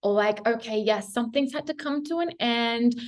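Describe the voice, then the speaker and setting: A woman's voice: a little high, moderate pace. Chatty, encouraging woman tarot reader. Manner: chatty, encouraging, laughs often, many fillers. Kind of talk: casual weekly tarot reading to camera.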